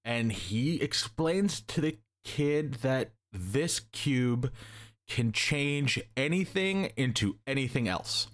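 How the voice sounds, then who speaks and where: A man's voice: mid-range voice, expressive, takes it slowly, fairly bright tone. A young man in casual chat, rambling and joking as he recaps a story and acts out the characters' lines. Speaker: podcast co-host recapping a comic.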